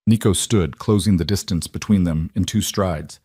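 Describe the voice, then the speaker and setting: A man narrating a scripted story in a measured, dramatic way. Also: deep voice, a little mellow, no room sound, clean studio sound.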